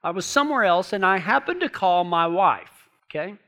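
Folksy male storyteller, humorous, rural dialect, high bright tone. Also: animated, normal speed.

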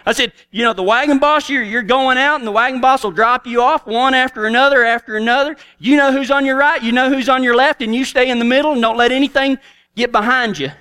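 A man's voice: very high voice, steady tone, fast, pushed and bright, clean tone. A middle-aged man with a Texan accent, telling a folksy story as a cowboy preacher in a sermon. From Texas.

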